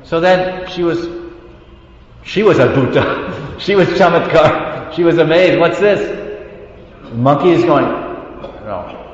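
Man, devotional preacher, animated storyteller, echoey hall, long reverb. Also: fairly high pitch, a little slow. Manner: animated storytelling, laughs, sings syllables. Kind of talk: devotional class. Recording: roomy hall with long reverb, dull lo-fi sound.

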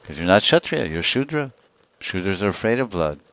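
A man's voice: low-pitched, fairly quick. A man giving a scripture lecture as a spiritual teacher, telling stories animatedly and acting out scenes. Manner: animated storytelling, acts out scenes.

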